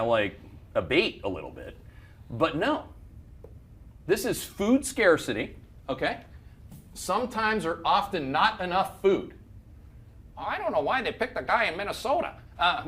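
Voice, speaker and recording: A man's voice: high voice, a bit bright. A man hosting a market commentary show, talking bluntly and heatedly, swearing and restarting his sentences as he rants through charts. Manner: fired-up, blunt ranting with profanity and repeated restarts. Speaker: investment firm CEO hosting a market show.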